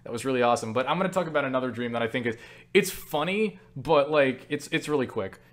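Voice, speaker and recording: Expressive and a little fast, a young host with a mid-range voice tells stories to the camera while answering viewer questions, picked up by a webcam mic. He rambles, leans on fillers like "like" and "you know," curses casually and jokes at his own expense.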